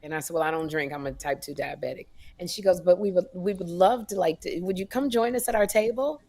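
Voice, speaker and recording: A woman co-hosting a comedy podcast, an animated storyteller who acts out the voices of others. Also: fairly low pitch, fast talker. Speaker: co-host. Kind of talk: casual comedic chat.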